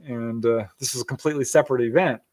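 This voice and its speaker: A man's voice: mid-range voice, steady tone, fast, a little mellow. A middle-aged man telling a story as a podcast guest, acting out quoted voices and laughing often. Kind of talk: casual storytelling interview.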